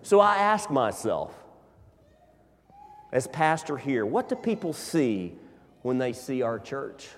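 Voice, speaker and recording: A male pastor preaching a sermon in a church, telling stories with animated delivery. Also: medium pitch, slow, pauses often. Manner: animated storyteller, acts out scenes. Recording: long hall reverb.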